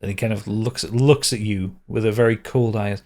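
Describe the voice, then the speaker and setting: A man's voice: lowish voice, steady tone, moderate pace, darkish tone. A man narrating a tabletop game as game master, describing scenes in a loose, rambling way.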